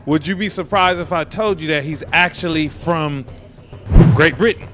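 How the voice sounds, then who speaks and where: A man's voice: a little high, moderate pace, fairly bright tone, faint music behind. A man hosting a man-on-the-street interview, joking and teasing the people he stops outdoors.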